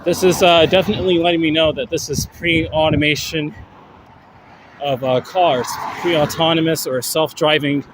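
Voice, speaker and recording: A man's voice: fairly high pitch, fairly even intonation, normal speed. A man hosting a casual evening walking livestream, rambling and laughing as he reads out viewers' comments. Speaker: livestream host. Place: outdoors on a street walk in the evening. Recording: outdoor stream with loud traffic noise.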